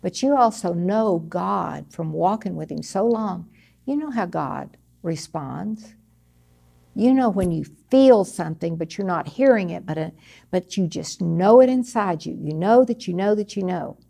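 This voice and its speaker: A woman's voice: on the low side, expressive, unhurried, vocal fry, warm tone, slightly rough. A woman minister preaching a sermon, dramatic, dropping to a near-whisper when quoting and rising again. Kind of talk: televised sermon.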